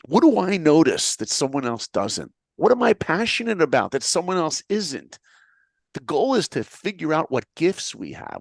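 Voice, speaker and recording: A man's voice: medium pitch, creaky, husky, no room sound. A middle-aged man from New York, telling his own story in a motivational style and acting out the dialogue he recounts. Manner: animated, acts out the dialogue he recounts.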